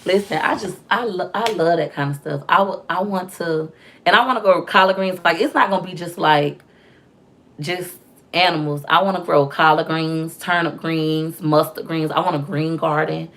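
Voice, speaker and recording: A young woman talking casually to her viewers, her low voice carrying a gravelly edge. She chats in an animated, storytelling way, full of slang and quick asides. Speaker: vlogger. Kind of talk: casual chat to camera.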